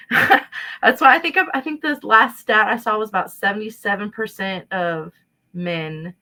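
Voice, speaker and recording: A woman speaking as a panel guest in a casual discussion, explaining in a quick, animated way. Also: mid-range voice, poor audio.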